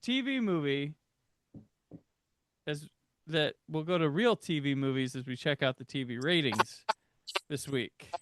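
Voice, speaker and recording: A man's voice: on the high side, a little slow, pauses often, noisy background. A man hosting a casual podcast, joking and rattling off lists. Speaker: podcast host.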